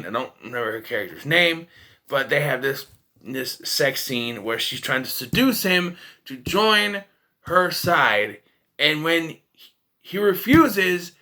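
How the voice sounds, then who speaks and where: A man's voice: on the high side, bright, forceful tone. A man casually ranting about a film as a reviewer, profane and sarcastic. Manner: ranting, profane, jumps into mocking voices.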